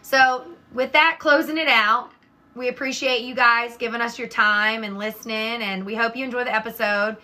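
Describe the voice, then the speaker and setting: Her voice is slightly high, steady, pushed and bright, delivered at a normal speed. As a podcast co-host in a casual chat, this woman swears freely while telling stories in a blunt way.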